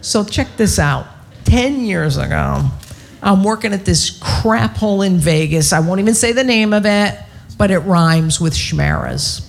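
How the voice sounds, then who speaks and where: A woman's voice: mid-range voice, animated, a little slow, creaky, a little hiss or hum. A woman doing a stand-up comedy set on stage, brash, profane and punchy. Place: on stage at a live show.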